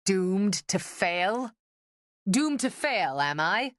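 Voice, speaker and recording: A woman's voice: fairly low pitch, takes it slowly, a bit bright, smooth, dry recording, studio quality. A woman voicing a theatrical, melodramatic older man, an eccentric painter father who bellows and grumbles in an audiobook. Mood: blustering. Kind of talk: audiobook character voice.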